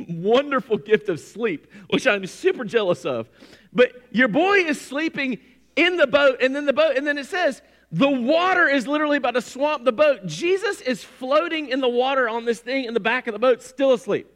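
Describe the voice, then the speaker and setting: A man preaching a sermon, animated and conversational, acting out quoted voices. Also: high voice. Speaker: pastor.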